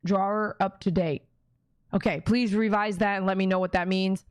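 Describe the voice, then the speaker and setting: A woman's voice: mid-range voice, fairly even intonation, moderate pace, clear, resonant tone, no echo. A woman dog groomer chatting on her live stream, reading viewer comments aloud and talking emphatically, often checking that viewers agree.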